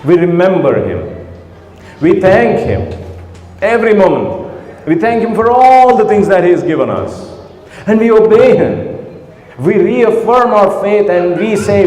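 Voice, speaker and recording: A man giving a religious talk to a gathering, asking repeated rhetorical questions and dropping to soft tones. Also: high-pitched, big pitch swings, measured pace. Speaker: speaker at a community iftar gathering. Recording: echoey hall with faint ambience.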